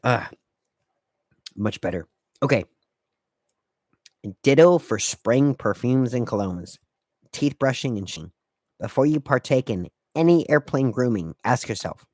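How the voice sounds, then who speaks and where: A man's voice: medium pitch, animated, a little slow, long pauses, a little mellow, no room sound, studio quality. A man hosting a casual solo podcast, laying out etiquette rules in a wry, lecturing way. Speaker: podcast host.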